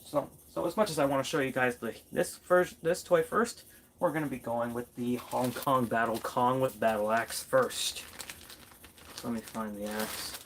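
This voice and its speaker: A man's voice: medium pitch, normal speed, a bit bright, slight background noise. A man doing a casual toy review vlog, playfully chatting to his figures as if they were people.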